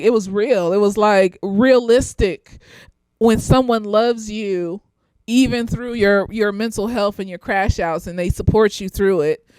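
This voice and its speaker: A young woman giving a casual, slightly tipsy review of a TV series as a therapist, laughing often, swearing freely and jumping into high excited squeals. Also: smooth, no echo.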